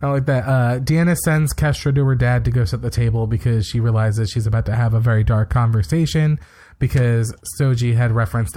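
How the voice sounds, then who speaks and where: Here a man co-hosting a casual podcast speeds through a recap, tossing in frank opinions and side remarks along the way. His pitch is right in the middle of the male range, and his tone stays relaxed and chatty.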